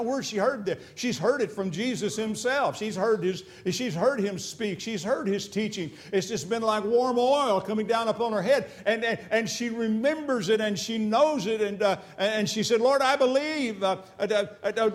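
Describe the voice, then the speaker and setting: An older man preaching a sermon, fervent and repetitive, swinging between emphatic peaks and quiet storytelling. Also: sits high.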